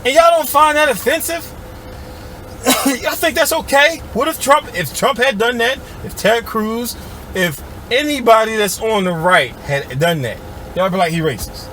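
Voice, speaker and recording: Heated high-voiced man ranting to camera. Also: a little slow, pushed and bright, slight background noise. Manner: heated, sarcastic, addresses viewers as y'all. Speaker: political commentator. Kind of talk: ranting video commentary.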